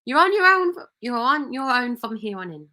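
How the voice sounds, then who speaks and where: A woman's voice: on the high side, very animated, moderate pace, sharp tone, pitched above the performer's own voice. A woman putting on a jaunty American cowboy guide with a put-on American accent, drawling and whooping.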